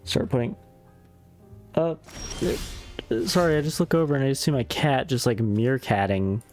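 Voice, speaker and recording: A man streams a card game late at night, narrating each play in a loose, conversational way. He slips into dry, wry remarks aimed at his opponent. His voice sits at an ordinary mid pitch, with music playing clearly behind him. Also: expressive, normal speed, darkish tone. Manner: wry, muttering asides at opponents.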